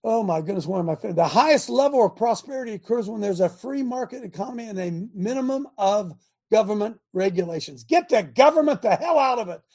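A man giving an impassioned political talk to an audience, reading numbered principles aloud and breaking off into angry, loud commentary. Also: high voice, animated, quick pace. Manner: reads numbered principles, then rants and comments; grows angry and loud at times. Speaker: speaker addressing an audience.

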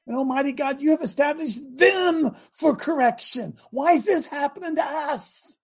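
A man hosting a preaching broadcast, reading scripture aloud and breaking into fiery, animated asides. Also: very high-pitched, moderate pace. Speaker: radio preacher host.

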